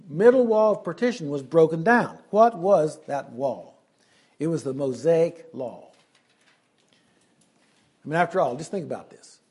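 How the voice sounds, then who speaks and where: A man preaching an expository Bible lesson, slowing down to stress key phrases. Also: on the high side, darkish tone, slightly rough.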